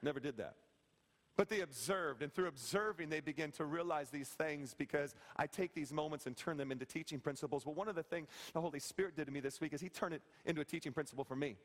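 Preaching in a church sanctuary, a male pastor in his thirties jokes casually and keeps tossing "okay?" and "right?" to the congregation. He talks fast with hardly any pauses in a fairly high voice, and the hall adds a long reverb.

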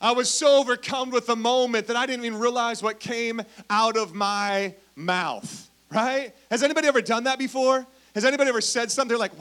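A man's voice: very high voice, steady tone, a little fast, hardly any pauses, a bit bright. A man preaching a sermon in a playful, storytelling way, often calling out questions to the congregation. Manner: playful, asks the crowd for responses. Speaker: pastor.

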